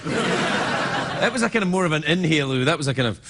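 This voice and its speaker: A Scottish man in his fifties, a late-night talk show host rambling through a self-mocking comedy monologue, breaking into loud squawking impressions. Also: a little high, expressive, brisk, heavy background noise. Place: TV studio with live audience.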